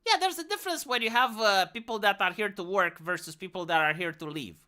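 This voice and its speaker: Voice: medium pitch, animated, brisk, sharp tone. A live streamer from Romania with a Romanian accent, ranting bluntly and with a lot of swearing in a casual livestream chat.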